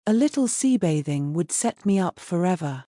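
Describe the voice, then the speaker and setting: A woman's voice: lowish voice, animated, normal speed, warm tone, no echo, studio quality, close to an everyday voice. A woman voicing a peevish, jealous young girl in a storybook, whining about unfairness.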